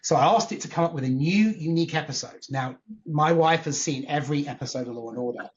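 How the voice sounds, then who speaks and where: Guy rambling on a podcast, kinda high voice, slightly dull lo-fi audio. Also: fast talker. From Northwest London, UK. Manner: chatty, self-deprecating, many restarts. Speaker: guest, product management lead. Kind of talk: casual podcast conversation.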